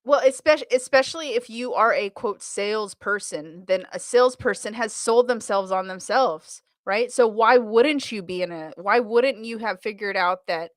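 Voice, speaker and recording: An American woman from car sales, a trainer appearing as a guest, chats lively in a casual interview, laughing frequently and restarting thoughts. She speaks at medium pitch and normal speed with few pauses, in studio-quality audio without echo.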